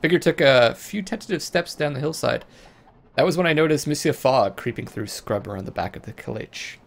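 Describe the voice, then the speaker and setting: A man's voice: fairly high pitch, animated, a little fast, creaky, slight background noise. Man reading a game's story aloud. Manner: storyteller reading, breaks off into jokey chat. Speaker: let's play host. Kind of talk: reading game text aloud with casual asides.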